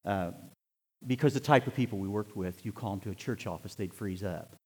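A man's voice: on the low side, a little fast, husky. Older male preacher; heartfelt sermon delivery with big swings in intensity, echoing church hall. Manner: impassioned preaching, rising to near-shouts then dropping to quiet storytelling. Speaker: pastor. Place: church sanctuary. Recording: long hall reverb.

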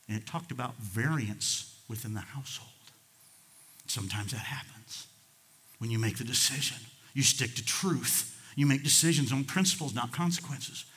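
Folksy preaching man, bright voice. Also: mid-range voice, big pitch swings, unhurried, pauses often. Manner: folksy storytelling, rising to loud emphatic bursts. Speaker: pastor. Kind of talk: sermon.

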